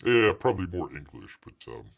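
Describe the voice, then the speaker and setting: Animated, joking livestream host man. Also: deep voice, brisk, creaky. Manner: jokey, rambling, talks of himself in third person. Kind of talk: casual live-stream chat.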